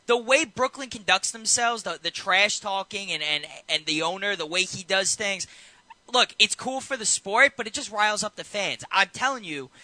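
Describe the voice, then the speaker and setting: A man talks basketball in a casual radio debate, emphatic and animated, and he drives each point home by repeating it. His voice sits high and sharp, with a very bright, forceful edge. The sound is dry and close, with no room around it. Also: moderate pace, dry recording, rough recording. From New York. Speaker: co-host.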